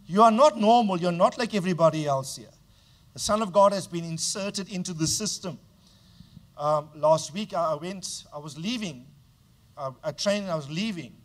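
A male pastor preaching a sermon with emphatic delivery, often stopping to prompt the congregation to answer back. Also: fairly high pitch. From South Africa.

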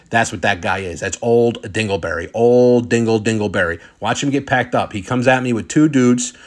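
Over his own gameplay footage, a young gaming video commentator trash-talks with cocky swagger and boasts about himself. His voice is lowish, and a little hiss or hum runs under the recording.

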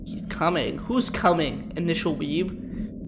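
A man's voice: on the high side, slow pace, background noise. A man streaming a horror game, talking crudely and rambling at his chat as he plays. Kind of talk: live gameplay commentary.

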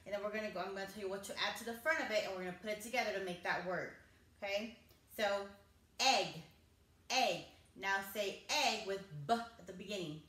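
A woman teaching kindergarten phonics, speaking slowly and clearly, repeating each word and sounding out its letters with encouragement. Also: mid-range voice, fairly bright tone. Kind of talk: phonics lesson for young children. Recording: echoey room.

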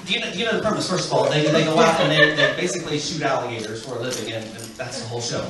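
A man's voice: medium pitch, rapid-fire. A man performing a stand-up comedy set, chuckling as he tells his stories, recorded from afar on a club stage. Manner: animated, chuckling storyteller. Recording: echoey club from far off with noise.

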